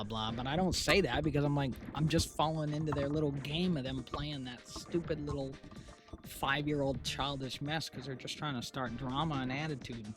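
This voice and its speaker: A man's voice: mid-range voice, normal speed. A man who runs a stream chats casually and rambles as he vents to his viewers, often restarting his sentences. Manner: rambling and venting, with frequent restarts. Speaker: streamer running an AI VTuber channel. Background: music playing under the talk.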